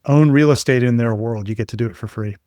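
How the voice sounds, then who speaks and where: A man speaking as a guest in an interview, spinning relaxed stories with plenty of ums and uhs. His voice sits at an ordinary middle pitch. The sound is dry and close, with no room around it. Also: fast talker, no echo. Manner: relaxed anecdotal storyteller with frequent fillers. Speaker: guest expert. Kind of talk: conversational storytelling interview.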